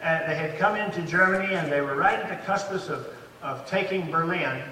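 A man's voice: fairly high pitch, brisk, pushed and bright, slight background noise. A man in his eighties preaching a sermon as a pastor, stressing points with rising emphasis and frequent restarts. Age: 80s. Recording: echoey hall, voice from far off.

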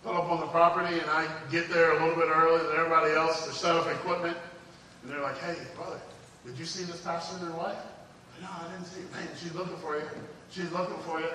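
Man, preacher, sermon storytelling, emphatic then hushed, slightly high voice, echoey hall, faint room noise. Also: little pitch movement, fast talker, recorded from a distance. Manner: swings from loud emphatic preaching to hushed quoted dialogue.

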